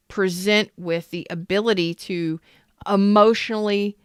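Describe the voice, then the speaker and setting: Woman talking tarot on a live stream, emphatic, repeats herself, smooth clear voice. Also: on the low side, measured pace, no room sound, clean studio sound. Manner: chatty and emphatic, with repeated phrases and asides; talks to viewers in the chat. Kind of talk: casual live tarot reading.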